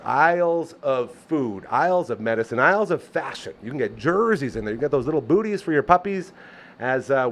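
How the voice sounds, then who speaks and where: Upbeat man doing a lively sponsor read. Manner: upbeat, salesy pitch with jokey asides. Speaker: host. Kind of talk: live-read sponsor ad and casual chat. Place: small studio.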